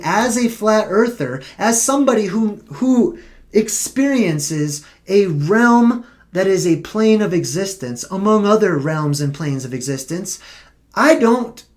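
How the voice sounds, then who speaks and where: A live-streaming vlogger with a mid-range voice, talking straight to viewers in a casual, argumentative way. The delivery is emphatic and full of rhetorical questions. The speaker drags out key points slowly, then rushes ahead. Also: medium pitch.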